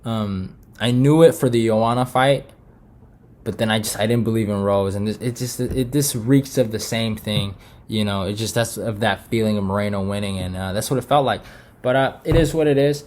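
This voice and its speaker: A young man from Eritrea hosting a casual fight recap, frustrated and animated, swearing often and restarting his sentences with lots of fillers. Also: on the low side, normal speed. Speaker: MMA prediction channel host.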